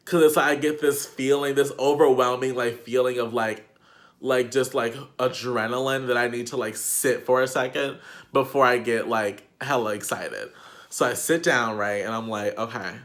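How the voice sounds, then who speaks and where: A man's voice: medium pitch, fairly even intonation, moderate pace, fairly bright tone. A young man vlogger telling a casual storytime, chatty and profane, with lots of "like" fillers.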